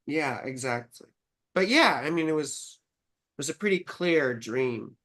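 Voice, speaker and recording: A young adult woman hosts a live astrology stream, her voice sitting low and moving a little slowly. She chats casually and tells animated stories, swearing a lot along the way.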